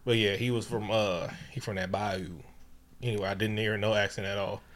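A man's voice: lowish voice, little pitch movement, normal speed, a bit bright. A man co-hosting a podcast, casually recapping a movie in a loose, profane, joking way. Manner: loose, profane, laughing storyteller. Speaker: podcast co-host.

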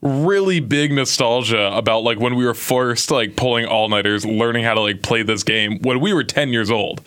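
A man's voice: medium pitch, normal speed, fairly bright tone, clean tone. Enthusiastic young man rambling casually. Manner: enthusiastic, filler-heavy rambling. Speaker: podcast co-host. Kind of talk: casual chat.

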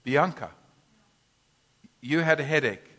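A man preaching a sermon in a church, teaching from scripture with animated bursts of loud groaning. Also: mid-range voice, unhurried. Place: church hall. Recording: long church reverb.

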